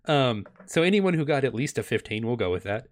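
A man's voice: medium pitch, big pitch swings, a little fast. A man acting as game master of a tabletop game, talking in an easygoing way with many fillers.

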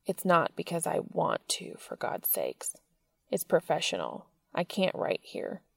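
A woman reading the lines of an intense, tender adult male writer in a story, in her own low voice. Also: huge pitch swings, measured pace, vocal fry, no room sound, exaggerated voice. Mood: earnest.

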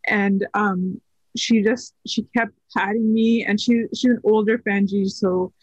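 A woman's voice: medium pitch, steady tone, unhurried, breathy edge, no echo. Woman, thirties, podcast guest; hesitant, filler-heavy storytelling, dry slightly muffled recording. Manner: soft-spoken, hesitant with many fillers. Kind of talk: personal story in casual conversation.

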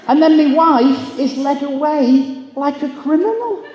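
Guy with a fairly high voice doing a funny motivational talk, acts out the characters, big echoey hall. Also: animated, moderate pace, few pauses, dark tone. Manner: comic storytelling, acting out quoted voices. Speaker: motivational keynote speaker. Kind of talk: humorous motivational talk to a live audience.

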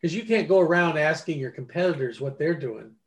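A man's voice: on the high side, fairly quick, slight background noise. A man over forty, an author and ghostwriter, talking casually in an interview and acting out quoted conversations as he tells stories. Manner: animated storyteller, acts out quoted dialogue.

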